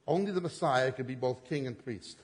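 A man preaching a sermon, swinging between loud emphatic peaks and low quiet drops, acting out the quoted lines. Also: brisk, slightly rough. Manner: dramatic swings in pitch and loudness, acting out quotes. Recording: long hall reverb.

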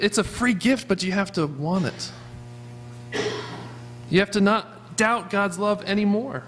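A man's voice: high-pitched, pushed and bright. A man preaching a sermon as pastor of a church, earnestly asking his congregation questions. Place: church sanctuary.

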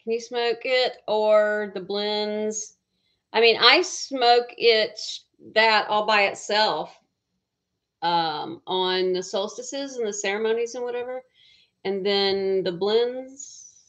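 A woman's voice: mid-range voice, takes it slowly. A middle-aged woman, chatting casually with viewers as host of her live stream. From southern United States. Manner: chatty, greets viewers by name with bright bursts. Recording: dull lo-fi stream audio.

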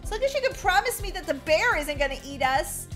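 A woman voicing Molly, an excitable young girl in a game role-play, chatty and giggly, talking to herself. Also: extremely high pitch, a little fast, faint music behind, exaggerated voice. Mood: playful. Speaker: roleplay gamer.

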